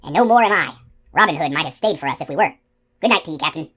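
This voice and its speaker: A woman voicing a gruff giant male outlaw who talks in a broad country dialect. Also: sits low, animated, fast, a bit bright. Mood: blunt.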